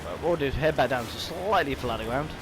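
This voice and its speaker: A man talking through a video game in a loose, rambling way, stopping himself now and then with hiccups. His voice sits at an ordinary middle pitch, and faint game and vehicle noise hums quietly behind him. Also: lively intonation, fairly quick. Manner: chatty, rambling, with hiccups and restarts. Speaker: gaming YouTuber. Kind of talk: casual let's-play commentary.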